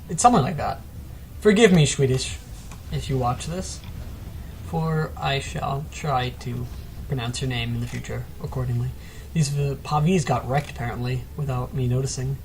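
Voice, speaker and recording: A man's voice: medium pitch, a little fast, a little mellow, a little hiss or hum. Rambling man commentating a game replay. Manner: rambling, self-mocking, chatty asides. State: a bit sick. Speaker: gameplay commentator.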